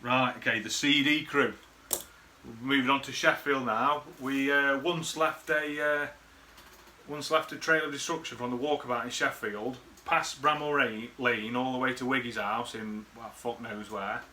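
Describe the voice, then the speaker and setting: A man talks straight to camera at home, rambling and swearing through old memories in a laddish, matey way. His voice is bright and forward, at a middling pitch. A faint room hum sits behind him. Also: fairly even intonation, moderate pace. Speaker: vlogger. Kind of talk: casual reminiscing monologue.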